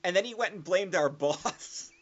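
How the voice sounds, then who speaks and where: Higher-voiced laughing man, lo-fi sound. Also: moderate pace. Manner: laughing, animated, gets loud when quoting. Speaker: former hotel worker sharing a story. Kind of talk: casual storytelling chat.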